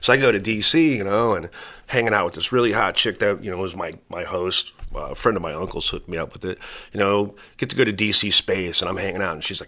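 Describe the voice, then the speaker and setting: Lower-pitched, bright, laid-back man in his forties. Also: fast talker. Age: 40s. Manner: laid-back, profane storyteller. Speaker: podcast guest. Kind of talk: casual podcast chat.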